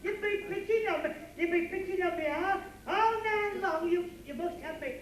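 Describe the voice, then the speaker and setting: A sniveling, stammering grown man in boxing gloves, as a comic acts him out pipes up in a high, whiny voice. The sound comes from a distant mic in an echoey working men's club. A live audience can be heard in the room. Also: normal speed, a little hiss or hum. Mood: whining. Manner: stammering, sobbing complaints. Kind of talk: live club comedy double act. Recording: echoey club recording from far off.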